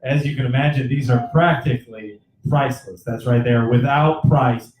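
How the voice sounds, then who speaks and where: A man's voice: mid-range voice, normal speed, darkish tone, reverberant, a little hiss or hum, rough recording. A man co-hosting a comedy show, delivering a mock-serious weather report and chuckling often.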